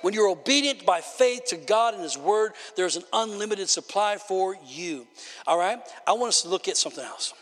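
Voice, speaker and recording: High-voiced preacher in a reverberant church. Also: male voice, animated, normal speed, a bit bright. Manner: emphatic, repeats for emphasis, stammers on restarts. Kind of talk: sermon. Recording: long hall reverb.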